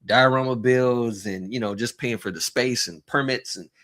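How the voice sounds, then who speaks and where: A man hosting a casual livestream, talking in a rambling, halting way and greeting chat viewers by name with chuckles. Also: medium pitch, a bit bright. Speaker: livestream host.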